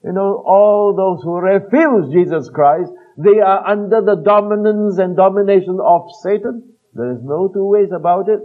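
A man preaching a sermon, earnest and emphatic, slowing down to quote scripture and trailing off softly at the ends of phrases. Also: high voice. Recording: tinny phone-like band-limited recording.

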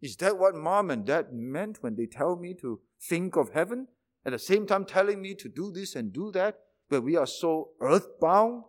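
High-voiced man preaching a sermon. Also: animated, normal speed. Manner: emphatic, with rhetorical questions and repetition.

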